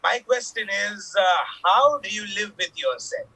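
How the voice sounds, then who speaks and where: A man's voice: sits high, sing-song, moderate pace, sharp tone, slightly rough, full character voice, rough recording. A man voicing a grumpy dead old man who asks a cutting question in an improv game.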